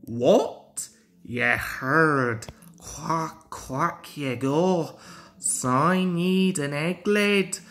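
A man's voice: a little high, very slow, fairly bright tone. A young man voicing a sleepy, teasing male engine in a storybook reading. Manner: drowsy, teasing.

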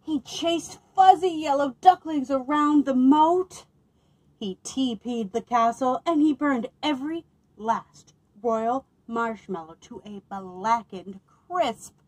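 A woman working as a children's librarian, reading picture books aloud to children with expressive delivery and playful asides. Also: sits high, slow pace, low-quality recording.

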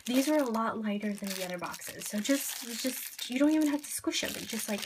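A giddy woman gushes over her blind-box finds, her high voice leaping all over the place as she swings from delighted squeals to hushed whispers. She sounds jittery with excitement, filming herself at home. The recording is noisy, with packaging crinkling behind her. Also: fairly quick. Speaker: vlogger opening blind boxes. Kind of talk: excited unboxing chat.

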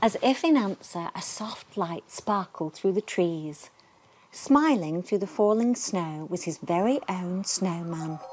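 A woman gently reading a children's bedtime story aloud in a soothing, expressive way. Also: fairly low pitch, slow, husky.

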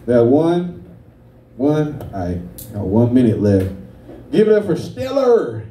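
A man's voice: mid-range voice, sing-song, slow, mellow, reverberant, far from the mic, slight background noise. A man doing a brash, profane stand-up comedy set, telling stories. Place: comedy club stage.

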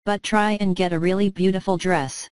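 A woman's voice: medium pitch, steady tone, moderate pace, darkish tone, clear, resonant tone, no echo, close to an everyday voice. A woman voicing a meek male clerk husband in a storybook reading, stammering and anxious to please.

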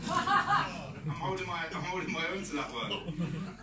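On a comedy club stage, a young British man with a fairly high voice does a rambling, self-mocking stand-up set, acting out quoted dialogue. His pitch swoops wildly, his pace is moderate, and he pauses often. The distant, roomy recording carries heavy background noise and audience laughter.

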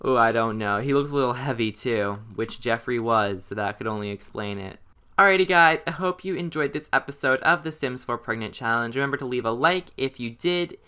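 A man's voice: medium pitch, fairly quick, pushed and bright, smooth. A man hosting a let's play, giving exasperated, sarcastic running commentary as he plays. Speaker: gaming channel host.

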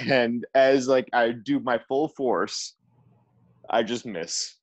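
Over a video call, a young man plays a tabletop game, describing his character's moves in a casual, hesitant way. His mid-range voice is slow, and the video-call audio sounds muffled.

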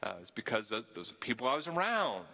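A pastor with a slight Southern US accent delivers a sermon in a bright, forward voice. He speaks earnestly, doubling back on words and restarting phrases as he works through his point. His pitch sits in an ordinary middle range for a man. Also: sing-song, quick pace. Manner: earnest, frequent word repeats and restarts.

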